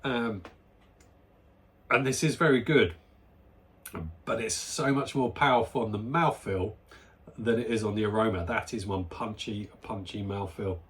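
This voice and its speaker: A man with a fairly low voice speaks a little slowly, leaving long pauses. He hosts his own beer review vlog from home near a barbecue area, chatting casually and enthusiastically as he smells and tastes a beer.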